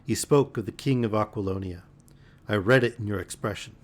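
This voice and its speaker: A man voicing a cold, calm male sorcerer who gives orders and reads minds. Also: on the low side, brisk, close to an everyday voice. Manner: calm, commanding.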